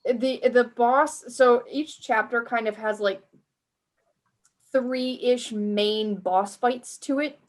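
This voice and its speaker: On a casual gaming podcast, a woman co-host with a somewhat high voice talks slowly but chattily, swearing freely and acting out her own reactions.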